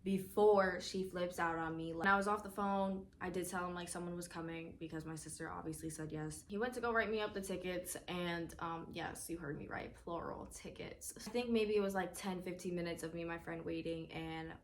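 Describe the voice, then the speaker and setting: A young adult woman vlogger, telling a storytime casually, animated and swearing freely. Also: fairly low pitch, fairly quick, few pauses, a little hiss or hum.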